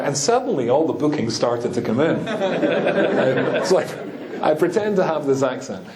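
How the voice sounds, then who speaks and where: Joking British rabbi in an echoey hall. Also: male voice, a little high, very animated, unhurried, crowd noise. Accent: British English. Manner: joking, storytelling, chats with the audience. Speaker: rabbi and speaker. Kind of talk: humorous lecture to an audience.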